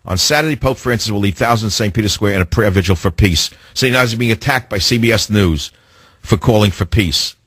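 A man's voice: on the low side, fairly quick, fairly bright tone, husky, no room sound. A man hosting a political talk radio show, combative and sarcastic, firing off rhetorical questions.

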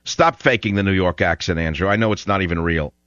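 A man's voice: low-pitched, fast, a bit bright, dry recording, muffled recording. A man hosting a call-in talk radio show, sarcastic, confrontational and mocking toward callers.

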